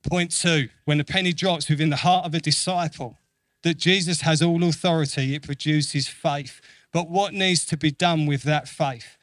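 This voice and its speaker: A man's voice: on the high side, moderate pace, dry recording. A man preaching a sermon in an earnest way, repeating phrases for emphasis and acting out quoted voices. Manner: acts out quoted voices with lively shifts.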